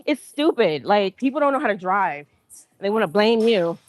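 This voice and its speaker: A woman telling a story on a livestream in an indignant, animated way, acting out what people said. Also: medium pitch, moderate pace, faint music behind. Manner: indignant, animated, acts out quotes. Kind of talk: casual storytelling rant.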